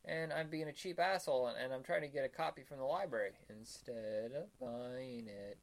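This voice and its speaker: A man hosting a casual podcast, excitable and swearing freely, laughing often. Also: medium pitch, moderate pace, vocal fry. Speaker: podcast host.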